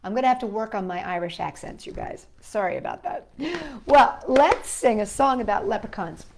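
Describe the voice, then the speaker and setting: A woman hosting a children's storytime, reading a picture book aloud in a gentle, animated way with sound effects. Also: mid-range voice, moderate pace, slight background noise.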